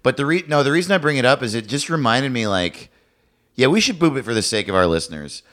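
A man's voice: mid-range voice, very animated, fast talker, a bit bright. A male podcast co-host in casual comic chat, joking sarcastically, swearing freely and laughing a lot.

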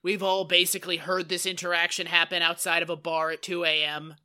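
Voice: mid-range voice, level tone, brisk, bright, forceful tone, smooth. A podcast co-host recapping a TV episode in casual chat, blunt and crude, swearing freely.

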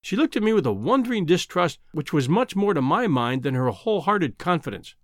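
A man narrating a novel in a measured, old-fashioned literary manner. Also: on the high side, big pitch swings, dry recording, clean studio sound. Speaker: audiobook narrator. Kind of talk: scripted narration.

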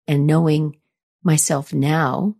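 A middle-aged woman hosting a podcast, telling a personal story in a calm, earnest, encouraging way. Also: sits low, slow pace, vocal fry. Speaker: podcast host.

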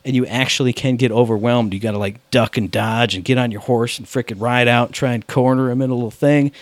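A man's voice: mid-range voice, steady tone, quick pace, no room sound. A man rambling in casual chat about video games, with lots of filler words.

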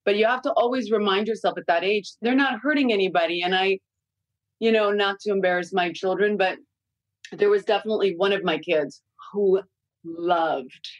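A woman's voice: mid-range voice, moderate pace, no echo, dull audio. Candid swearing middle-aged woman, dry sound. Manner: candid, casual swearing, chatty asides. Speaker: guest, mother of young kids. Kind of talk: casual podcast chat.

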